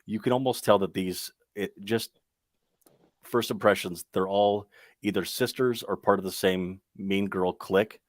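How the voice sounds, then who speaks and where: Low-voiced man running a tabletop game. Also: fairly even intonation, a little slow, no room sound, clean studio sound. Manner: rambling, full of ums and restarts. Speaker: game master.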